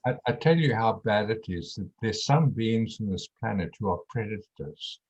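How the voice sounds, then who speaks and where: A man's voice: lowish voice, expressive, normal speed, lo-fi sound. A man speaking as a guest teacher in a casual spiritual conversation over a video call, earnest and repeating his words.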